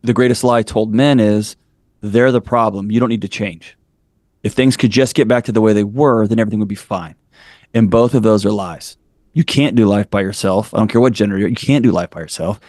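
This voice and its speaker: A man's voice: lowish voice, a little fast, a little mellow, no room sound, studio quality. A man in his forties, a podcast guest, talking candidly and bluntly, building his points up with preacher-like fervor. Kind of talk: candid interview storytelling.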